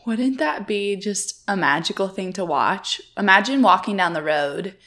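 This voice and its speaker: A young adult woman co-hosting a casual chat, reacting warmly and then telling her own story. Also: mid-range voice, normal speed. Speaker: podcast co-host.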